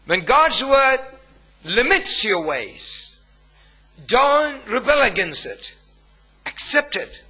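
A man, preaching a sermon as pastor, with emphatic phrasing and long pauses between phrases. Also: very high-pitched, big pitch swings, sharp tone, breathy edge, poor audio.

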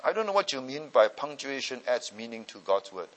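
Here a pastor and Bible teacher answers students' questions in a teaching session, explanatory and frequently checking that people are following. His mid-range voice is very animated with a fairly bright tone, and he speaks a little fast. The recording features long hall reverb.

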